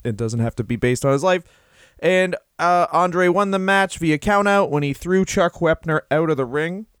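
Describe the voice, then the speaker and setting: A man's voice: a little high, moderate pace, fairly bright tone, smooth, no room sound, studio quality. A man co-hosting a comedy podcast, telling crude, rambling made-up stories and slipping into silly voices. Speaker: podcast co-host. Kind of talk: improvised comedy chat.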